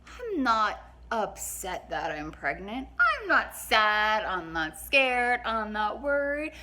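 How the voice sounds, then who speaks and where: A young woman telling a personal story for her vlog, in an animated, dramatic way, laughing and swearing as she goes. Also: fairly high pitch, takes it slowly. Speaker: vlogger.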